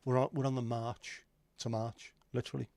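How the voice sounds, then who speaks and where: A man's voice: mid-range voice, level tone, fairly quick, creaky, darkish tone, dry recording. A man hosting a livestream, rambling and joking as he chats with viewers and swears casually. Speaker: livestream host. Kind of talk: casual chat reading viewer comments.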